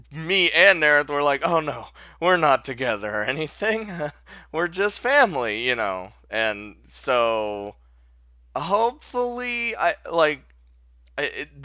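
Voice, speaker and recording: This let's play host has a fairly high, pushed, bright voice recorded without room sound. While playing a visual novel he narrates the story and tosses in casual, profane commentary, laughing and cutting himself off mid-sentence to start over.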